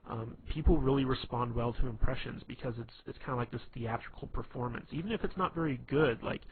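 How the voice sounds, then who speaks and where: A man's voice: mid-range voice, brisk. A man giving casual advice in a loose, rambling way, with lots of filler and restarts. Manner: rambling, loose, full of "you know" and restarts. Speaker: dating advice vlogger. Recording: tinny phone-like sound with faint hiss.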